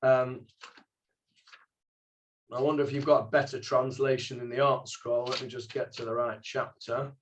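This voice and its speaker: A man's voice: mid-range voice, level tone, moderate pace, pauses often, slight background noise. A middle-aged man, a rabbi teaching an informal Bible class, who explains Hebrew words step by step and asks the class questions. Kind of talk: informal text study class.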